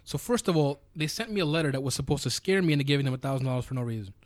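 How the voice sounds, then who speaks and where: Fast-talking New man, animated. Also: on the high side, no echo. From New York. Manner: animated storyteller, swears freely. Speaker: podcast co-host. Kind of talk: casual chat.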